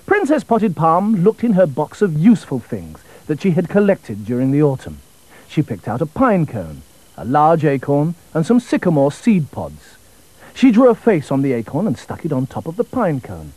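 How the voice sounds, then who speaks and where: A man narrating a children's storybook in an expressive, melodic way. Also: on the high side, moderate pace, no room sound, poor audio.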